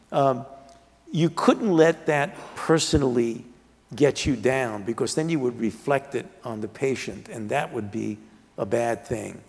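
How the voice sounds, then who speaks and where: An older man speaks with an earnest, measured manner and a gravelly edge, often circling back to restart a thought. He is a physician being interviewed on stage before an audience. His voice rings out with a long reverb in a large hall. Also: medium pitch, a little mellow. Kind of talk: reflective storytelling in an interview.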